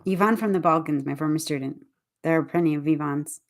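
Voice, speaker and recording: A low-pitched woman who teaches English is talking casually on a livestream. She explains her point in a considered, deliberate way, often stopping to begin again.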